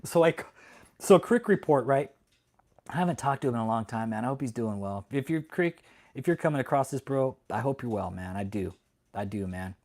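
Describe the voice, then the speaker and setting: Male streamer, casual profane commentary, heated and quick to laugh, addresses chat directly. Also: medium pitch, lively intonation, a little mellow. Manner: talks directly to chat viewers. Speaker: livestream host.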